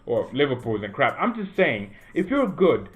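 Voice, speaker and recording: A man's voice: mid-range voice, moderate pace. A man hosting a football fan channel, rambling in casual commentary and often tagging his points with "right?". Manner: animated, rambling, keeps asking "right?". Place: home room. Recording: tinny phone-like sound.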